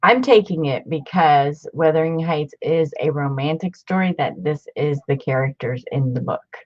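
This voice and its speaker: A low-pitched woman chats through a casual show-and-tell of her book collection, gushing as she goes. The sound is a little dull and lo-fi. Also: moderate pace. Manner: chatty, gushing over finds.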